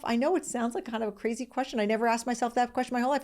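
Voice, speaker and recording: A woman's voice: a little high, quick pace, few pauses, a little mellow. A woman in her sixties hosting a solo podcast, telling a personal story in a candid, emotional, self-searching way, close to tears at times. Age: 60s. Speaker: podcast host.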